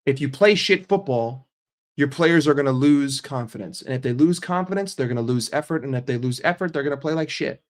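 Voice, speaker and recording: A man's voice: medium pitch, lively intonation, brisk. An American man ranting as a football fan vlogger, emphatic and profane. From United States.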